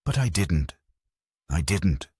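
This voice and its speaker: A man's voice: very deep voice, animated, moderate pace, breathy edge, dry recording, studio quality, exaggerated voice. A man voicing an anxious young woman. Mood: worried.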